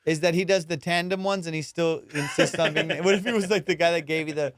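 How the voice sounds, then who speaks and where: A man's voice: a little high, fairly even intonation, quick pace, fairly bright tone, no echo, studio quality. A man hosting a comedy podcast, riffing in a casual, profane way and slipping into put-on voices.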